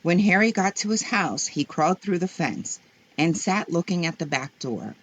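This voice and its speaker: A woman reading children's stories aloud in a slow, gentle, expressive way. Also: lowish voice. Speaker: storyteller. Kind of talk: children's story read-aloud.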